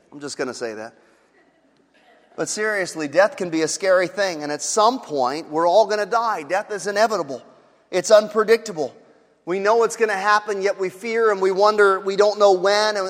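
A male pastor delivers a sermon in a high, bright register, mixing casual asides with emphatic points. His words ring out with a long reverb from a large sanctuary. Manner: conversational, emphatic preaching with rhetorical asides.

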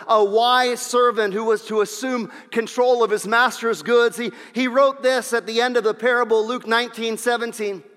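A man with a high voice preaching a sermon from a church pulpit, telling stories and repeating his key lines for emphasis. His words trail off into a long reverberation around the sanctuary. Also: fairly bright tone. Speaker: pastor.

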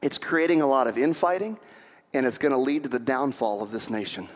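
A man's voice: mid-range voice, brisk. A man preaching a sermon as pastor, acting out quoted voices and building to fervent emphasis. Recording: long hall reverb.

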